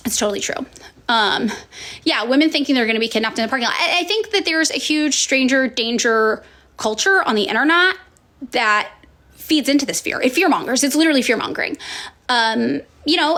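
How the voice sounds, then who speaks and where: Chatty woman, quick and animated. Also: fairly high pitch. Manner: conversational, frequent fillers and restarts. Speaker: political commentator. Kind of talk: casual chat answering viewers.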